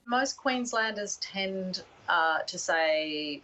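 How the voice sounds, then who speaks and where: Aussie woman vox pop, real slow, bright sharp voice, taking the piss. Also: low-pitched, poor audio. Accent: Australian. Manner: slow, joking. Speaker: member of the public.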